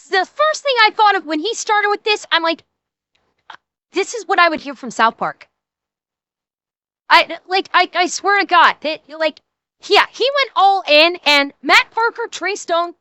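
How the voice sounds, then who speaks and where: A woman co-hosting a reaction video, cracking crude jokes and stammering when excited. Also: sits high, no room sound. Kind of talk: casual reaction commentary.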